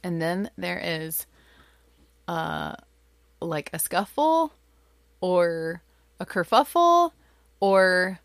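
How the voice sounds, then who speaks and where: A woman in her thirties, a mother, telling a family story in an animated, chatty way with lots of fillers. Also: lowish voice, slow pace, gravelly, long pauses, dry recording, studio quality. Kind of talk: casual storytelling.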